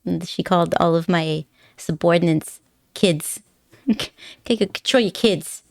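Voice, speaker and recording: A woman's voice: on the low side, measured pace, gravelly, no echo, clean studio sound. A woman live streamer chatting casually with her viewers, rambling and giggly, laughing often and teasing her chat playfully.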